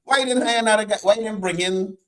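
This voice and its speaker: A man's voice: sits high, a little fast, a little hiss or hum. A middle-aged man with a Guyanese accent hosting a political commentary show, mocking and firing off repeated rhetorical questions. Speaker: host.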